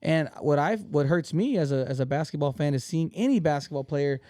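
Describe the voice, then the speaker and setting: A man's voice: on the high side, expressive, a little fast, mellow, dry recording, studio quality. A man talking in a casual podcast chat as the guest comedian, earnest and rambling, calling people "bro" and "man".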